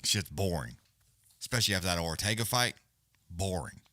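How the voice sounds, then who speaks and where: Guy, casual profane fight caller, very animated pitch, dry close mic. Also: moderate pace, no room sound. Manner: profane, blunt, loose, Southern-leaning slang. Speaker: fight companion commentator. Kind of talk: casual live fight commentary.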